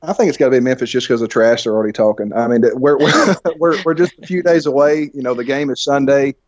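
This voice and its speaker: A man with a deep, thick Alabama accent, chatting fast and laughing often as a podcast guest. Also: a little mellow, no room sound, dull audio. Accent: Southern US, Alabama. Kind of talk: casual chat.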